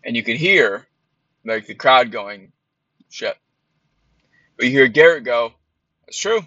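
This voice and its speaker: A man talks through his podcast in a loose, rambling monologue, blunt and full of fillers and the odd curse. His voice is bright and forward. The recording is a little dull and lo-fi. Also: mid-range voice, takes it slowly, no echo. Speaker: podcast host. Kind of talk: casual monologue.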